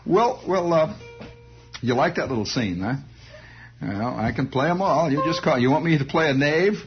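A man's voice: fairly high pitch, animated, normal speed, over music. A man telling a rambling comic monologue in a wry storytelling manner, throwing in sound effects. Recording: dull lo-fi recording.

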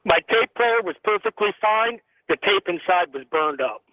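A man's voice: high-pitched, expressive, normal speed, no room sound. A male caller from Tennessee on a radio phone-in, earnestly telling a ghost story with frequent ums. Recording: tinny phone line.

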